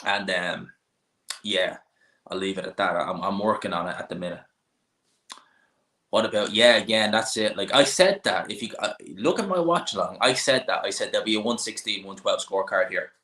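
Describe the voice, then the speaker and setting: A young Irish man with a fairly low, sharp voice and lively intonation speaks at a moderate pace while answering viewers on his boxing channel's live chat. Casual and opinionated, he thinks aloud using many fillers, recorded in a roomy, echoey room.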